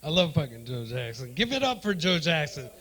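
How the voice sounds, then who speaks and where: A man's voice: on the high side, very animated, fairly quick, fairly bright tone, rough recording. A man doing crude, brash stand-up comedy and crowd work as the emcee on a comedy club stage.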